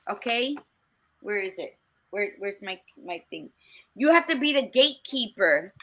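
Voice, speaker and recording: A woman's voice: on the high side, pushed and bright. A woman co-hosting a casual talk podcast, telling personal stories in a candid, blunt and emphatic way. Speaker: podcast co-host. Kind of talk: casual chat.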